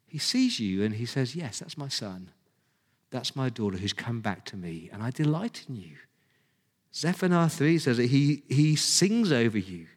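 Earnest preacher in a reverberant hall. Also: male voice, a little high. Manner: pleading, earnest, emphatic preaching. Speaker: pastor. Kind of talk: sermon. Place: church hall.

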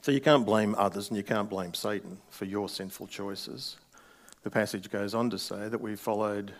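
A middle-aged man preaches a sermon from the pulpit in an easy, conversational way. His voice sits on the low side, and he slips in wry asides between points. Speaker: pastor.

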